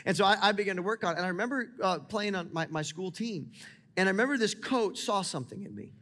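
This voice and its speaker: A man in his thirties, a pastor, preaching a sermon to a congregation in a lively, conversational way, often calling on them to listen. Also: high voice, quick pace. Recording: long hall reverb.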